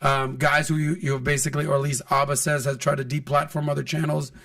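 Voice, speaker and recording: Animated podcast host, man, slightly high voice. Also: fast talker, gravelly, recorded from a distance. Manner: animated storyteller, acts out quotes. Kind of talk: casual podcast chat.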